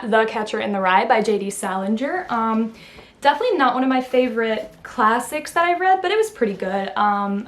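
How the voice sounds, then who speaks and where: A young woman chatting casually in a vlog, rambling with lots of fillers and self-corrections and poking fun at herself. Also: mid-range voice. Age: young adult. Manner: self-deprecating, laughs at herself. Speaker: book vlogger. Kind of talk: casual chat.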